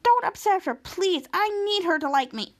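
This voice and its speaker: A woman's voice: very high-pitched, very animated, moderate pace, fairly bright tone, voice pushed up, exaggerated voice. Woman doing a squealing starstruck teen girl. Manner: gushing, squealing. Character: starstruck eager teenage girl fan.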